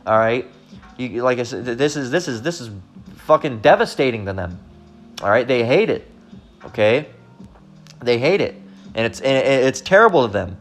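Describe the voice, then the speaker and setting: A man's voice: medium pitch, animated, moderate pace, faint music behind. Rambling blunt male street preacher. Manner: rambling, peppers talk with "all right"; blunt, profane. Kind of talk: informal religious teaching monologue.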